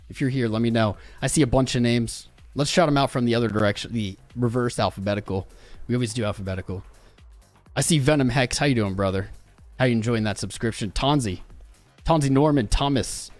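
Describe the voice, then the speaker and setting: A male livestream host in casual chat, bantering and greeting viewers one by one by name. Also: medium pitch. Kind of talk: casual live-stream chat.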